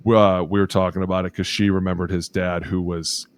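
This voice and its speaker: A man's voice: deep voice, flat delivery, a little fast, clean tone. A man co-hosting a football podcast, telling stories in casual profane chat and acting out quotes. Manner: profane, storytelling, acts out quotes. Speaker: podcast co-host, former lineman.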